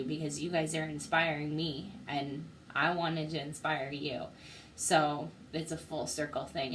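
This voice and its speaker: A woman's voice: sits low, a bit bright, slight background noise, poor audio. A young woman talking heartfelt and grateful in a personal video diary, close to tears. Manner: heartfelt and grateful, speaks through emotion. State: teary. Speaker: vlogger.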